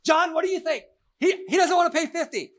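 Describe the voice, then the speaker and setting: Man doing a shrill, indignant woman landowner. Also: a little fast. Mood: wheedling. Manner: shrill, outraged haggling. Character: indignant middle-aged woman landowner haggling.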